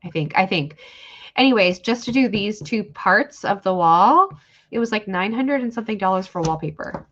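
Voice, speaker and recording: A woman's voice: medium pitch, expressive, moderate pace, fairly bright tone. A woman hosting a live online sale, chatting casually and rambling while she thanks viewers by name. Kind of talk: casual live-stream selling. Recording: dull lo-fi stream audio with faint noise.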